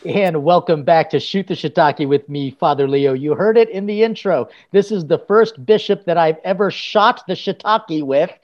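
A man's voice: on the high side, darkish tone, highs cut off, soft background music. A man, a priest, hosting a casual interview show in an upbeat, joking manner. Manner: upbeat, jokey, quick asides. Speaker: priest and podcast host.

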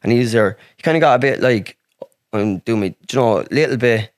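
A man's voice: mid-range voice, a little fast, no room sound, studio quality. An Irish man from Ireland, a podcast guest telling a story in a rambling way, with heavy swearing and lots of "like". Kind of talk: casual storytelling.

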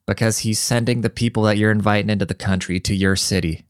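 A man's voice: fairly low pitch, fairly even intonation, brisk, dry recording, studio quality. Blunt, profane male podcast host. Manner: blunt, profane, exasperated ranting. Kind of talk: casual ranting commentary.

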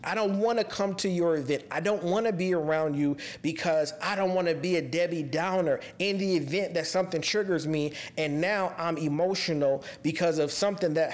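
A man with a slightly higher voice than most men talks alone on his podcast in a loose, conversational way. He is candid and raw, and his speech catches and restarts as the subject weighs on him. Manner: raw, candid, emotionally heavy; casual and conversational, restarts when upset. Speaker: podcast host. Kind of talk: personal monologue on mental health.

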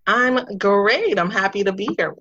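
A woman's voice: mid-range voice, unhurried, pushed and bright. A woman interviewing a podcast guest, chatting in a giggly, enthusiastic way. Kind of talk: casual chat. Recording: dull lo-fi sound.

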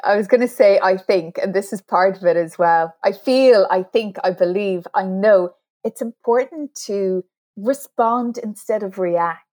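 A woman's voice: medium pitch, measured pace, a little mellow. A woman author as an interview guest, explaining communication skills earnestly and laughing at herself now and then. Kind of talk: interview conversation.

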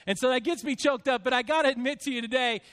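A man in his fifties, a pastor addressing his church congregation in a heartfelt, halting way, choked up with emotion. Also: very high voice, fairly bright tone.

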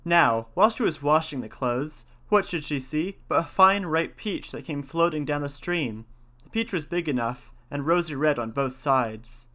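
A man's voice: on the high side, expressive, moderate pace, pushed and bright. A man narrating an old folk tale in a folksy, old-fashioned storybook manner.

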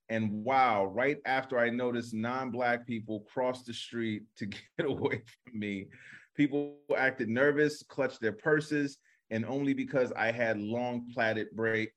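A comedian co-host in easygoing podcast talk, telling a story that wanders with restarts and asides. His voice sits at an ordinary middle pitch. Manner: relaxed, rambling storytelling with laughs.

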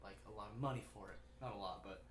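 A man's voice: fairly low pitch, rapid-fire, reverberant, background noise. A man making sarcastic quips in casual chat with friends. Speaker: friend on a trip.

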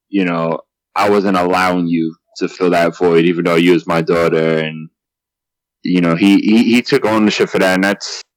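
Young male co-host, deep voice, relaxed and slangy, dry recording. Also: no echo, rough recording. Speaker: podcast co-host. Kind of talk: casual chat about manga.

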